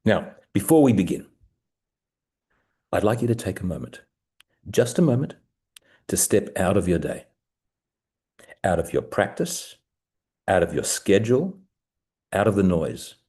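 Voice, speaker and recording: An older man with an Australian accent, slightly croaky, presenting a business webinar over a video call in a measured, deliberate way. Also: sits low, sing-song, dark tone. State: croaky from the early hour. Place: home at night.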